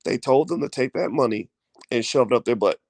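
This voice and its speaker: A man's voice: medium pitch, expressive, brisk, darkish tone, no echo. A middle-aged man hosting a casual video talk, fervent and full of fillers and repeated words. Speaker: host.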